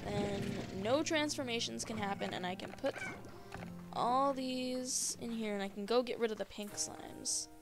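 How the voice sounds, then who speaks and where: A young woman casually commenting on a game she plays, gushing and easily excited, talking to the creatures on screen. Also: on the high side, measured pace, over music. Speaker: gaming video host. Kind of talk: casual let's-play commentary.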